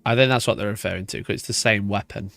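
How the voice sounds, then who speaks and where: Fast and fairly low with vocal fry, yet fairly bright in tone, this man's voice carries no room sound, only faint music behind. As host of a wargaming stream, he reads and reacts in casual chat, swearing and ranting in mock outrage.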